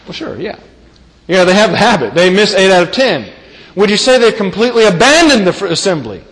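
A man's voice: sits high, big pitch swings, fairly quick, fairly bright tone. A man preaching a sermon, emphatic, who repeats key phrases and asks the listeners rhetorical questions. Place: church meeting hall. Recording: long reverb of a large hall.

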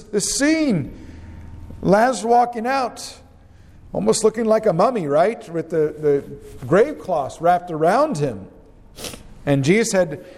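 A man preaching a verse-by-verse sermon, acting out quoted lines and asking his listeners rhetorical questions. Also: in a large hall. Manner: animated, acts out quoted lines with rising pitch; asks the congregation rhetorical questions. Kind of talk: expository sermon.

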